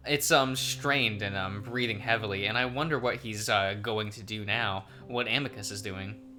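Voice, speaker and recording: A man's voice: lowish voice, fairly even intonation, moderate pace, sharp tone. A man hosting a let's play, reading a visual novel aloud in a hesitant way with many ums and uhs.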